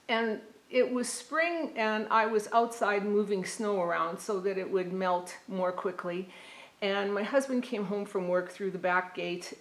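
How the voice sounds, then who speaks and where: A woman's voice: medium pitch, a bit bright, reverberant, rough recording. Earnest mother telling her story. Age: middle-aged. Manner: earnest, halting, with many ums and restarts. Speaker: parent giving a talk to university students. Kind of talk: personal storytelling talk.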